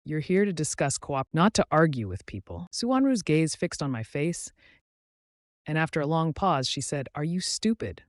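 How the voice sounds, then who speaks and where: A man reading a drama story recap as narrator, voicing every character's lines in the same even voice. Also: on the high side, normal speed, no room sound, studio quality.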